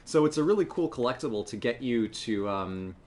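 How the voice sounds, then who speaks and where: A man with a middle-pitched voice chats casually while playing a video game. He talks in a relaxed way and explains the game as he goes. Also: brisk. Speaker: co-host and player of a game stream.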